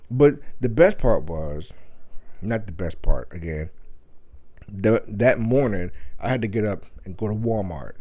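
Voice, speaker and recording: A young man hosting a podcast, telling a profane story in an animated, loud rant full of cursing and mimicked voices. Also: on the low side, measured pace. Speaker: podcast host.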